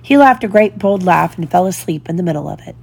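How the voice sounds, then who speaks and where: A woman reading a children's storybook aloud in a slow, deliberate storytelling manner. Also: lowish voice, expressive, creaky, darkish tone, husky. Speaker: storybook reader.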